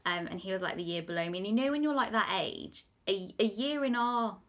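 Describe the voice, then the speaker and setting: A woman's voice: mid-range voice, lively intonation, fairly quick. A young woman co-hosting a casual podcast chat, telling stories about herself with a self-mocking streak and frequent laughs. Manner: chatty, self-mocking storyteller, laughs often. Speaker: podcast co-host.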